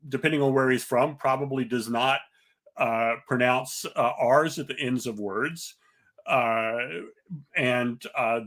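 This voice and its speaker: A man, a linguist guest, explaining in a measured, professorial way with frequent pauses and fillers. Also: medium pitch, fairly bright tone. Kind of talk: conversational explanation.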